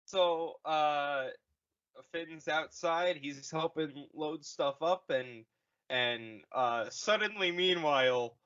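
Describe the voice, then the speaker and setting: Slow rambly guy on a comedy podcast, brightish voice, kinda muffled audio. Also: a little high, smooth. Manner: rambling storytelling with goofy voices for characters. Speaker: podcast co-host retelling a movie. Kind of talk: casual comedic podcast chat.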